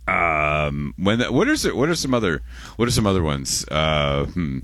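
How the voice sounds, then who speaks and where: A man's voice: low voice, very animated, moderate pace, fairly bright tone, dry recording, clean studio sound. A man in his forties, hosting a radio show in casual, rambling chat and often correcting himself.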